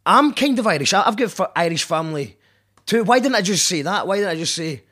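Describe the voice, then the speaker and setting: A man's voice: high voice, expressive, a little fast, a bit bright. A Scottish man hosting a radio show, rambling, joking and apologizing in a casual monologue. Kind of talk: casual self-deprecating monologue.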